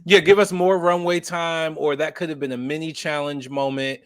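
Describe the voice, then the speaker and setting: A man co-hosting a podcast, chatting casually with a slow, drawn-out delivery and gushing laughs. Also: a little high, fairly even intonation, smooth, no echo. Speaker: podcast co-host. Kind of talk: casual chat.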